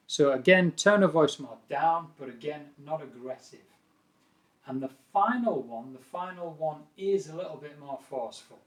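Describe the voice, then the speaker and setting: British guy teaching english, patient and calm, mid-pitch voice, walks through example phrases. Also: normal speed. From Britain. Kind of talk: English lesson to camera.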